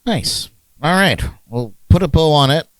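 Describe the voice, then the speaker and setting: A man's voice: a little high, expressive, measured pace, a bit bright, no room sound, poor audio. A man hosting a casual podcast, joking and laughing at himself as he talks. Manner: jokey, laughs often, self-deprecating. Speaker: podcast host. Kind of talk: casual chat.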